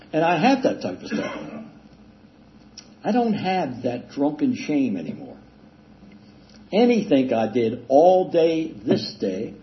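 An older man casually telling a self-deprecating recovery story, rambling with halting restarts and chuckles. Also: mid-range voice. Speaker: speaker sharing a recovery story. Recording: dull lo-fi recording with faint hiss.

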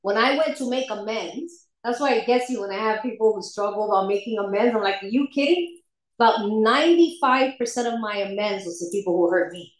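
A woman's voice: medium pitch, fairly quick, few pauses. A woman giving a candid personal recovery testimony at a meeting, laughing often as she tells her story. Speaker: speaker sharing at a recovery meeting. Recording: echoey room.

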